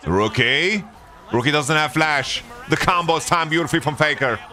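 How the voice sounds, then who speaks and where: A man co-streaming an esports match, talking over the action in a lively, swooping voice. His tone is bright and forceful, and he flips easily into loud, exasperated rants. He sounds close to a desk mic. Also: on the high side, normal speed. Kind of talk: live esports watch-along commentary.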